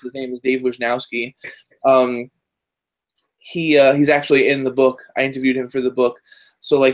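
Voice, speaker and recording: Chatty guy on a video call, mid pitch, rambling w lots of "like"s. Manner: excitable, rambling, many "like" fillers. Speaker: guest, journalist and game voice actor. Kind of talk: casual interview chat.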